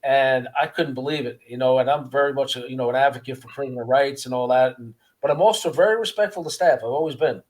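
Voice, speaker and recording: A former prisoner tells his story in a casual interview, speaking at a medium pitch with an earnest, halting manner. He often repeats words and acts out the voices of guards.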